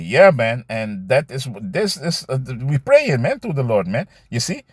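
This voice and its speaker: A man teaching scripture in a loose, conversational way, reading verses slowly and commenting, often adding "man" and "you see". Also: medium pitch, sing-song, breathy edge, dry recording, clean studio sound. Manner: reads verses aloud slowly, then comments.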